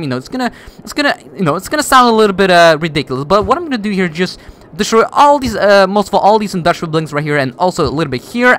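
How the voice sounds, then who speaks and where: A man narrates his city-building game in a quick, rambling way, full of fillers and restarts. His voice is fairly high and swings a lot in pitch. There is a faint hiss behind it. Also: a bit bright. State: voice cracks. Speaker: gaming YouTuber. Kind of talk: casual gameplay commentary.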